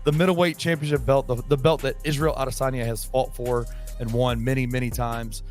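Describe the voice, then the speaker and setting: A hoarse man co-hosting a casual sports podcast, rambling with many restarts. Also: mid-range voice, level tone, brisk, soft background music. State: hoarse from illness. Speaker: podcast co-host.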